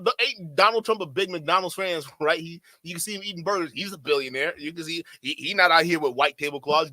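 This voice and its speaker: A man's voice: a little high, sharp tone, dry recording. A man doing reaction commentary in a profane, sarcastic way, laughing often. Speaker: YouTube commentator.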